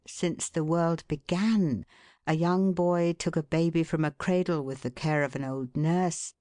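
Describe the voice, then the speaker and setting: A woman narrating a classic novel as an audiobook in a measured, even reading. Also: low voice, no room sound, studio quality.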